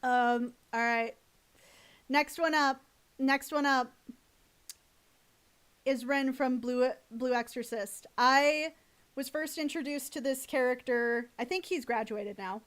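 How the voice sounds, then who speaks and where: A young woman chatting on a live stream from her home setup, her voice pitched high. She rambles and gushes, swears casually and stops to thank her chat. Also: slow pace, long pauses, fairly bright tone, clear, resonant tone.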